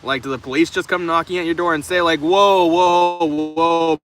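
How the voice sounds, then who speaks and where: Here a young man speaks quickly in a voice on the high side, live streaming from his car's open trunk as it rains. His casual chat with viewers, answering their comments, is profane and rambling, with many stumbles and restarted sentences. Passing traffic and faint rain are audible.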